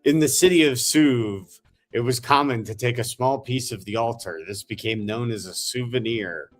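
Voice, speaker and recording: A man's voice: medium pitch, normal speed, soft background music, close to an everyday voice. A man voicing an alien translator device that explains a word's origin. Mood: explaining.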